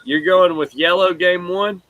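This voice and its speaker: A man hosting a casual sports talk show, animated and preachy, calling on his co-hosts. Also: high voice, unhurried, no echo, narrow, tinny audio. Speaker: host.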